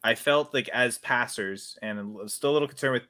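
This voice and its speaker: A man on a podcast panel, talking casually and thinking out loud, hedging his picks with lots of "like.". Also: mid-range voice, normal speed. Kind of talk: casual chat.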